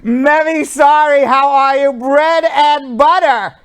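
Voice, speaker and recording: A man's voice: high-pitched, unhurried, a bit bright. A man in his fifties hosting a live studio stream, chatting and teasing his co-hosts in a playful way. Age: 50s. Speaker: host. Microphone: wired studio mic.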